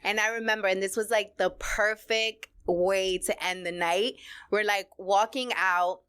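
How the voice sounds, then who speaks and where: Podcast host lady, lively storyteller, laughs a lot, tosses in spanish words. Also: medium pitch, unhurried, clean tone. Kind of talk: casual podcast chat.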